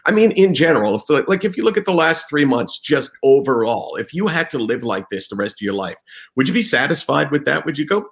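A man's voice: medium pitch, lively intonation, a little fast. A man interviewing a guest, speaking in an earnest, emphatic, explanatory way. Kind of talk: conversational interview.

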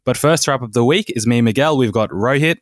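A man's voice: medium pitch, fast, no echo, studio quality. A young man co-hosting a podcast, introducing the show and tossing out wry one-liners. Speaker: podcast co-host. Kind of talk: casual podcast chat and intro.

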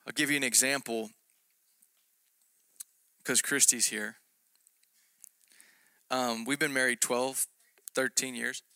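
A man's voice: medium pitch, steady tone, takes it slowly, pauses often, bright, forceful tone, smooth, no echo. A man preaching a conversational sermon, telling a story about himself with self-deprecating jokes.

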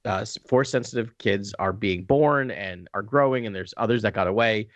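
A man's voice: on the low side, brisk, no room sound. A man co-hosting a fan podcast, chatting casually and animatedly, laughing easily. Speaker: podcast co-host. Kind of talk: casual chat.

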